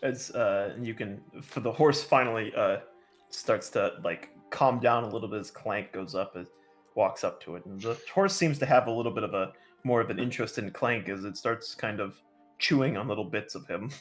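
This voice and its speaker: A man's voice: fairly low pitch, normal speed, faint music behind. A man running a tabletop game as dungeon master, narrating loosely with lots of fillers.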